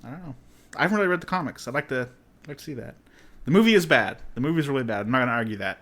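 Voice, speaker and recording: A man's voice: mid-range voice, expressive, very fast, fairly bright tone. Easygoing man chatting on a podcast. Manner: easygoing, laughs often, short replies. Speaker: podcast co-host. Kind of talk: casual podcast chat.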